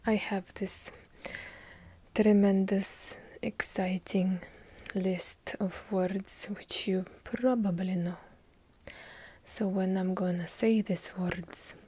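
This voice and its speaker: A woman with a heavy Russian accent whispers ASMR close to the mic in an airy, breathy hush. She talks slowly and rambles, playful and mock-serious, drifting off on tangents. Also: medium pitch, fairly even intonation. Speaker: ASMR channel host. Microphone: handheld field recorder, close.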